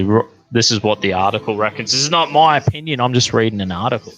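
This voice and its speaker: An Australian man rambles through a profane, casual rant, full of fillers and tangents. His voice sits low but sounds bright and forceful. Quiet music plays faintly behind him. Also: fast talker, poor audio. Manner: swears constantly, rambling with many fillers.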